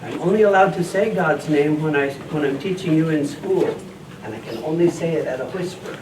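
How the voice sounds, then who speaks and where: Speaking a little fast in a fairly high, natural voice, a man cheerfully teaches kids as a friendly scribe teacher and farmer in a church skit, leading call-and-response. The church hall is noisy and echoey, and the mic is distant.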